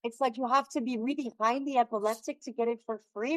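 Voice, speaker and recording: A woman's voice: sits high, quick pace, a bit bright, dry recording, rough recording. Woman guest, dry and close. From France. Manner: earnest, questioning, with restarts. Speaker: podcast guest. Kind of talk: casual podcast conversation.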